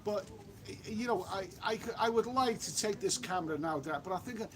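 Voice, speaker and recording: A man's voice: high-pitched, expressive, a little fast, fairly bright tone, a little hiss or hum. Rambling English man on a beach stream. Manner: rambling, chatty, frequent restarts and mild swearing. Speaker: travel vlogger live-streaming. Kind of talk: casual live-stream chat reading viewer comments. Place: outdoors by a beach.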